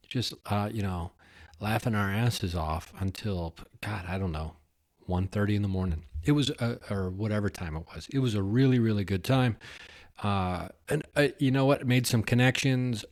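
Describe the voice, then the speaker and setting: A man's voice: lowish voice, a little mellow. A man hosting a podcast, rambling and chatty in a casual solo monologue, laughing at himself and swearing now and then. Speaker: podcast host.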